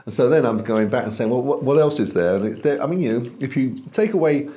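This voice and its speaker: A man's voice: medium pitch, lively intonation, fast talker, dark tone. A man co-hosting a casual wine-tasting chat, enthusiastic and rambling, trailing off mid-sentence. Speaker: wine review co-host.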